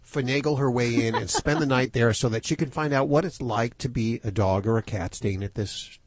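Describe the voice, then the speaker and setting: A man's voice: medium pitch, fairly quick. A man hosting a radio talk show, joking and teasing his co-hosts. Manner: wisecracking, teasing.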